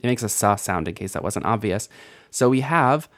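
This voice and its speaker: A man's voice: on the low side, animated, fairly bright tone. A man teaching a Hebrew lesson, patiently sounding out letters and vowels one by one in a playful, lightly joking way. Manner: patient, playful teacher, spells out sounds slowly and repeats words. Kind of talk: recorded language lesson.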